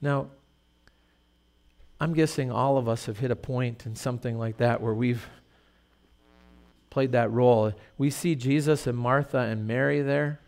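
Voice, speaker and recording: A man's voice: medium pitch, steady tone, measured pace, creaky, pauses often, darkish tone. A middle-aged male pastor preaching a sermon in a conversational, storytelling way with rhetorical questions.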